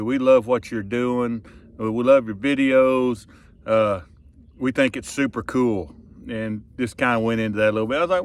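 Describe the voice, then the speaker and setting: A middle-aged man tells a story in a casual, folksy, earnest way, often trailing off softly. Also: mid-range voice, no echo. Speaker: fishing vlogger and tournament angler. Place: outdoors on a boat on a river.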